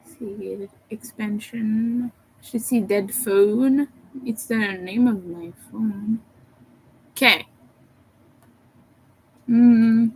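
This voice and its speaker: A woman's voice: on the high side, extremely slow, long pauses, slightly rough, low-quality recording. A sleepy woman on a casual livestream from home, rambling and apologizing as she thinks aloud. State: sleepy, yawning.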